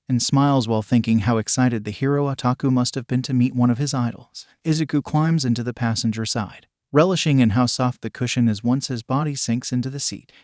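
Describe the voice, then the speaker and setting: Male story narrator, even delivery, mid-pitched voice, dry close sound. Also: no room sound. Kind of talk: scripted fan-fiction narration.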